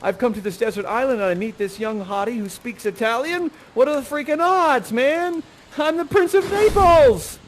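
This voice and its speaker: A man's voice: high voice, fairly quick, hardly any pauses, a little hiss or hum, lightly acted. A man voicing Ferdinand, a brash lovestruck young prince, swaggering and slangy in a comic Shakespeare performance.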